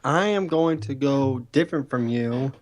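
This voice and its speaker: A man's voice: mid-range voice, expressive, normal speed, no room sound. A man co-hosting a wrestling podcast, chatting in a casual, playful way. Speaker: podcast co-host.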